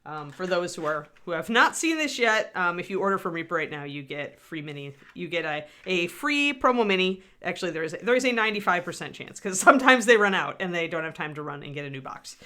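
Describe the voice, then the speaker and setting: Middle-aged woman, bright voice, rambling livestream host who chats with viewers. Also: lowish voice, big pitch swings, fast, hardly any pauses. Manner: chatty, rambling, answers chat. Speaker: livestream host painting miniatures. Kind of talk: casual livestream chat.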